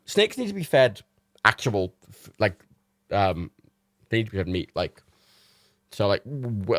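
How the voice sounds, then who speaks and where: A young man hosting a livestream, telling rambling anecdotes in casual chat, animated and full of swearing. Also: fairly low pitch, dry recording, studio quality. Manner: animated storytelling with swearing and quoted voices. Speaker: livestream host.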